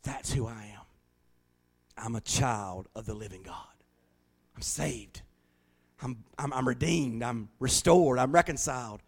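A middle-aged man preaching a sermon, telling folksy stories that swing from hushed to loud. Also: mid-range voice, unhurried, long pauses, husky. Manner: folksy storytelling, shifting from hushed to shouting. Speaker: pastor.

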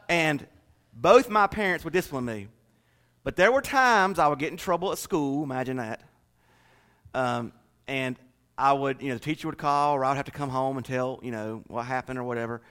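A man's voice: mid-range voice, a bit bright. A middle-aged man preaching a sermon in a folksy, joking way, speaking straight to the congregation. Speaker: pastor.

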